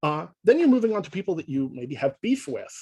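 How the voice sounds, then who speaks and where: Husky-voiced man giving a casual lecture. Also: a little high, sing-song, a little fast, a little mellow, low-quality recording. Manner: conversational, checks in with frequent "right?". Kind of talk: informal lecture.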